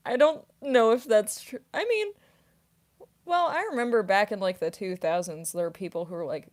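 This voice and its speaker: A woman's voice: a little high, expressive, a little slow. A young woman streamer and voice actress answering chat questions casually, rambling with lots of fillers and giggles.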